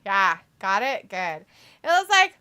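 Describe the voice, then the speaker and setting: A woman's voice: medium pitch, very animated, measured pace, sharp tone, clear, resonant tone. A woman co-hosting a casual watch-along livestream, reading viewer comments aloud with a playful, giggly manner and loose swearing. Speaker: livestream co-host.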